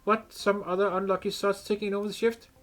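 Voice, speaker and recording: A man's voice: high-pitched, level tone, fairly quick, a bit bright, soft background music, voice pushed up. A man voicing a grumpy male guard who complains about his shift, in a fan reading of game dialogue. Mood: grumbling. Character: grumbling male guard stuck on duty.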